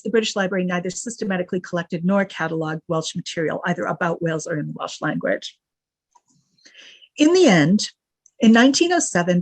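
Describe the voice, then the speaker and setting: A woman delivering an academic lecture at a middle pitch, moving between read-out quotations and dry, wry asides. The sound is close and dry, with no room echo. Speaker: guest lecturer. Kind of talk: scholarly lecture reading from notes.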